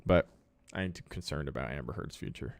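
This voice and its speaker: A man's voice: very deep voice, a little fast, vocal fry, no echo. A man hosting a casual live podcast, reading viewer comments aloud and answering them in an upbeat, chatty way. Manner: upbeat, thanks viewers, answers questions on the fly.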